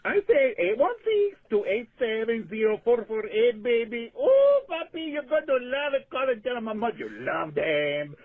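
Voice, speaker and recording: A man hamming it up as a sultry, flirty delivery guy calls in on a thin, tinny phone line. His voice sits high and swings wildly up and down. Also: sing-song, normal speed, few pauses, heavily acted. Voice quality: over-the-top sultry, playful. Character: flirty male delivery man with put-on Spanish flair.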